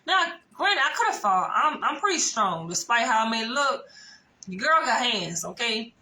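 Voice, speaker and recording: Young woman, bright and crisp, spilling a dating story to camera; animated, swears freely, talks straight at the viewer. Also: a little high, moderate pace, low-quality recording. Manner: animated, profane, conversational storytelling. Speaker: vlogger telling a dating story. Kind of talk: casual storytime monologue.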